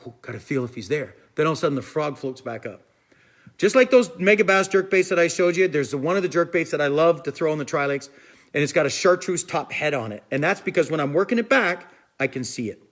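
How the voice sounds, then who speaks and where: A man's voice: fairly high pitch, animated, fast talker. Chatty man hosting a fishing stream. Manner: rambling, chatty, repeats "I'm telling you". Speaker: fishing live stream host. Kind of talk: casual live stream chat, answering viewers.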